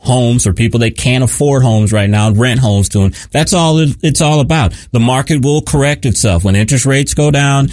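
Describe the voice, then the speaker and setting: Male radio co-host, mid-pitched, dry studio sound; measured, filler-heavy delivery. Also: darkish tone, no echo. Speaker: radio talk show co-host. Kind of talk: political talk radio discussion. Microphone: studio microphone.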